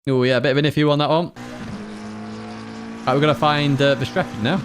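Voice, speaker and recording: Over music and game engine noise, a Blackpool streamer talks fairly quickly in a steady, fairly high voice. He rambles chattily through racing-game commentary, reading chat aloud and laughing frequently.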